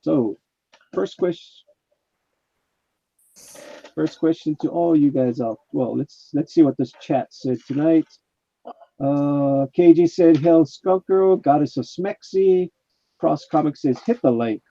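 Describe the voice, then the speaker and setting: A man's voice: a little high, takes it slowly, creaky, pauses often, dark tone, dry recording. A man hosting a casual live stream, chatting and reading viewers' chat messages aloud. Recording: muffled, dull mic sound.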